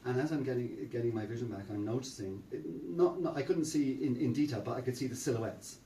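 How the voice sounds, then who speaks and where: A man's voice: mid-range voice, fast talker, mellow, a little hiss or hum. An older Irish man giving a chatty storytelling talk at a temple, full of fillers and repeats. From Ireland. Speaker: preacher. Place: temple hall. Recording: roomy sound from a distant mic.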